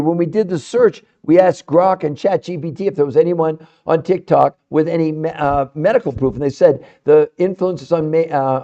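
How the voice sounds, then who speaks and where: A middle-aged man hosting a live stream, speaking fiercely and insistently, sometimes dropping into quiet asides. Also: a little high. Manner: fiery and insistent, often trailing off into quiet asides. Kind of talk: energetic live-stream pitch. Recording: dull lo-fi live-stream audio.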